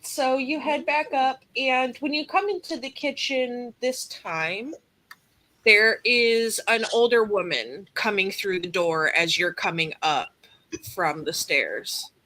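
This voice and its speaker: A woman's voice: a little high, takes it slowly, sharp tone, low-quality recording. A woman game master narrating a tabletop role-playing session in an easygoing, encouraging way.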